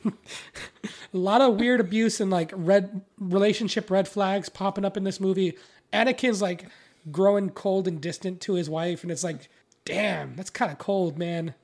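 A woman's voice: medium pitch, normal speed, darkish tone. A young woman co-hosting a casual movie-recap chat, rambling and swearing freely as she talks.

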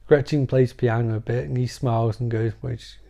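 A man giving an excitable, profane, rambling comedic recap of a film. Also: mid-range voice, a little fast. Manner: excitable, sweary, rambling asides. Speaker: movie recap commentator.

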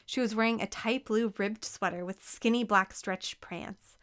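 A woman reading a children's novel aloud as narrator, expressive and clear. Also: medium pitch, a little slow. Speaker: audiobook reader.

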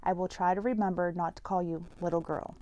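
A woman's voice: on the low side, steady tone, fairly quick, a little mellow, dull audio, natural voice. A woman reading as a stiff, formal male mentor. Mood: calm.

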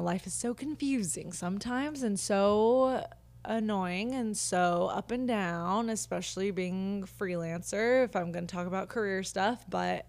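A woman in her 20s hosts her own podcast from the living room couch, her mid-range voice a little mellow. She chats casually and rants candidly, using lots of fillers in this solo show.

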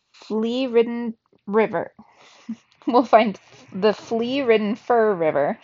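A woman voicing a clever, proud young female mouse adventurer in a storybook read-aloud, excited and smug. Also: mid-range voice, dry recording, lightly acted. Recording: slightly dull lo-fi recording.

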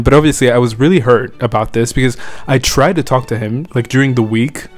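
A man's voice: medium pitch, fairly even intonation, fast, hardly any pauses. A young man telling a personal story in a casual, rambling vlog monologue, full of fillers and asides to the listener. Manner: rambling, filler-heavy, frequent "like" and "you know what I mean".

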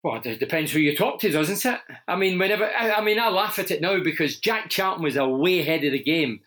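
A man's voice: fairly high pitch, lively intonation, fast talker, fairly bright tone. A middle-aged man from Scotland with a broad Glaswegian accent, telling stories candidly in an interview with frequent restarts. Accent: Glaswegian Scottish. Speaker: interview guest, former footballer and radio presenter. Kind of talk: conversational interview.

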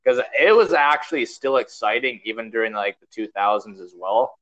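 A man's voice: fairly low pitch, expressive, normal speed, a bit bright, lo-fi sound. A young man hosting a podcast, rambling in casual chat, swearing often and packing his talk with fillers. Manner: rambling, profane, full of fillers. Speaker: podcast host.

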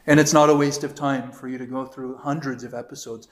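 A man's voice: mid-range voice, fairly even intonation, brisk. A man with an American accent, a priest teaching a catechism class in a conversational lecture style, telling anecdotes and reading passages aloud. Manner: conversational, tells anecdotes with quoted voices, reads passages aloud.

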